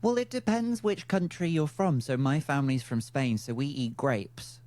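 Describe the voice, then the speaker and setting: A man with an English accent hosting a podcast in casual chat, playful and quick to laugh. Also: mid-range voice. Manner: laughs often, lively and playful. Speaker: podcast host.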